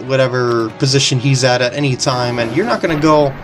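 A video game commentator talking casually through a playthrough, excitable and giggling often, over game music. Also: medium pitch, brisk. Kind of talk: casual let's-play commentary.

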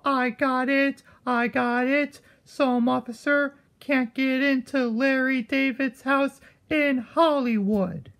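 A woman's voice: high voice, fairly even intonation, takes it slowly, few pauses, a bit bright. A woman improvising a rambling skit with stuffed animals, switching between characters and chuckling. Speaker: puppeteer voicing stuffed animals.

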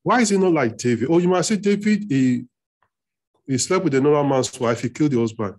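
A man preaching as pastor, emphatic, repeating phrases and climbing higher on key points. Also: a little fast, darkish tone. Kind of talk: sermon. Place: church hall.

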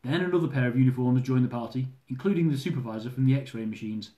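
Man, author reading his travel memoir aloud, lively, comic, mid pitch, echoey room. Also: fast talker. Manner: lively, dramatic storytelling with comic swearing. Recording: roomy echo.

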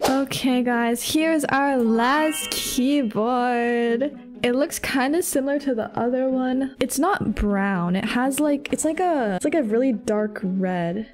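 A woman giving casual, excitable commentary over her own gameplay, laughing and exclaiming often. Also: sits high, slow, faint music behind. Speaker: gaming YouTuber.

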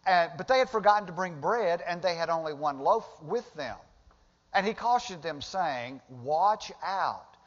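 A man's voice: high-pitched, animated, normal speed. A male pastor preaching a sermon in a church sanctuary, talking conversationally and rising to emphatic bursts when he retells the story. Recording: dull lo-fi sound with long hall reverb.

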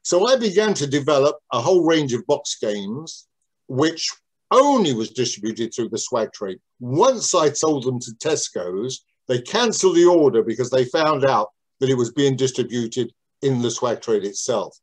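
A man's voice: mid-range voice, sing-song, normal speed. An older man looks back on his working life in an interview. He talks in a meandering way, doubling back and correcting himself. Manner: rambling, digressive, many restarts. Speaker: interviewee, businessman. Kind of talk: reminiscing interview answers.

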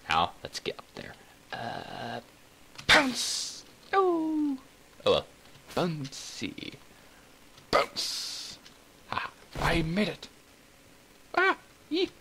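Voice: mid-range voice, very animated, unhurried, gravelly, fairly bright tone, slight background noise, low-quality recording. A gameplay commentator, playful and giggly, who talks as the cat in mock outrage and breaks into sing-song bits and meows. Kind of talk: let's play commentary.

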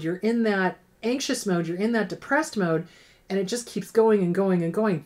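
A woman's voice: medium pitch, a little mellow. A middle-aged woman therapist hosting an advice show, answering viewer questions in a frank, emphatic way that repeats key points.

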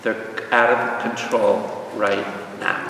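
A man's voice: lowish voice, little pitch movement, slow. A man, a priest leading a Bible study, teaches energetically, quizzing his listeners and mixing in jokes. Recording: echoey hall from far off, faint hum.

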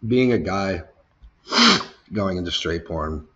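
Slow and deep, with a slightly rough edge, this interviewee comes through on a muffled recording. He recounts his story in a relaxed, profane, filler-laden way, impersonating the people he quotes and spiking upward in pitch whenever he gets worked up.

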